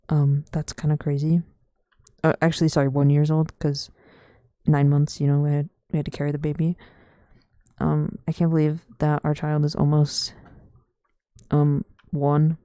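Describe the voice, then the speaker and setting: A woman's voice: low voice, dark tone, no room sound, studio quality. A young adult woman streaming a game from home, rambling and swearing casually and laughing often as she chats to viewers. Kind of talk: casual gaming stream chat.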